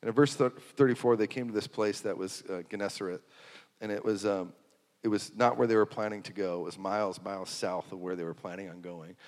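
A man preaching a sermon, swinging from hushed to loud and repeating phrases for emphasis. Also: lowish voice, steady tone, a little fast. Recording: long hall reverb.

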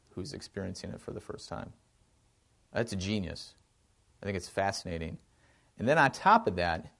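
Male discussion leader, low and gravelly, lively and thinking out loud. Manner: animated, thinks aloud with frequent restarts. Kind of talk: informal film discussion.

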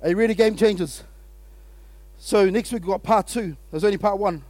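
A man preaching a sermon as pastor, energetic and exclamatory, calling out to his congregation and laughing between points. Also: high-pitched, normal speed, dry recording. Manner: energetic and exclamatory, often laughing, calls out to the audience.

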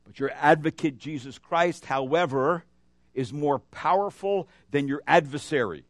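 A man's voice: fairly high pitch, unhurried, no echo, studio quality. A male pastor preaching a sermon, moving between emphatic declarations and a casual storytelling manner with frequent fillers. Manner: animated preaching with rising emphasis and storytelling asides.

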